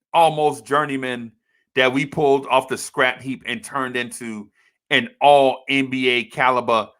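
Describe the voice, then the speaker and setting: A man's voice: mid-range voice, bright, forceful tone. A man hosting a live stream, giving a passionate, repetitive monologue as a basketball fan. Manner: rhetorical, repetitive, heartfelt. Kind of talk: emotional sports fan monologue.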